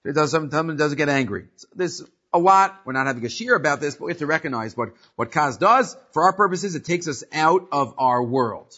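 A man teaching a casual religious class, telling a story with lively energy. His voice sits a little high, and he often restarts mid-sentence. The recording is muffled and lo-fi. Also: brisk, hardly any pauses, husky. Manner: animated storyteller with frequent restarts. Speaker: Torah teacher.

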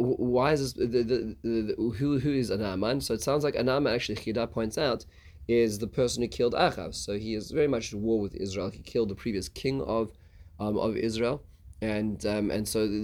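Halting low-voiced male Torah teacher. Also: a little mellow. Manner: halting, with many stuttered restarts. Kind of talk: casual Bible lesson.

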